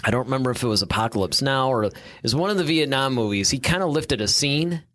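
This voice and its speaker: A man's voice: mid-range voice, fast, dry recording. Chatty male podcast co-host. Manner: animated, quotes movie lines in character. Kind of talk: casual chat.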